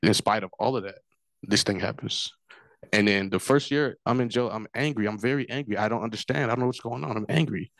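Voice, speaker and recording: Earnest lower-voiced man telling his story. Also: brisk, a bit bright, no echo. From Africa. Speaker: forum speaker. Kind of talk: personal testimony.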